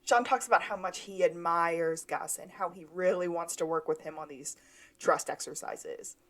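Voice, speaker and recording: Animated woman podcast co-host. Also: lowish voice, moderate pace. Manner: animated, acts out quoted lines. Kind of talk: casual recap chat.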